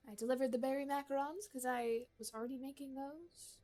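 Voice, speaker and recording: A woman's voice: high-pitched, fairly even intonation, a little fast, few pauses, dark tone. A woman streaming a video game, talking casually and self-mockingly while she plays, laughing often. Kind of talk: casual gameplay commentary.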